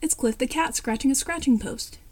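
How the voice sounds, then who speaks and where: A woman's voice: high-pitched, normal speed, a little mellow, no room sound. A woman reading the lines of a bold young boy hero in a plain read-aloud manner.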